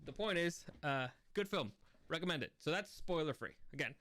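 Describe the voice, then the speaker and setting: A man's voice: fairly high pitch, sing-song, normal speed, sharp tone. A man hosting a casual spoken film review, rambling and easily sidetracked, with many restarts. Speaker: movie reviewer and channel host.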